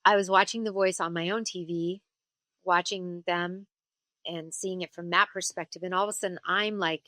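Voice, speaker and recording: A woman voice actor and singer chatting as an interview guest, telling stories in an animated way and slipping into character voices. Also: fairly low pitch, moderate pace, no echo. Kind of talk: casual interview chat.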